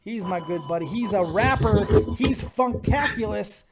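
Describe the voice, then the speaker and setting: High-voiced joking man hosting. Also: moderate pace, heavy background noise. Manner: joking, profane, mock-soothing. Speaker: host. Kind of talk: casual live podcast banter.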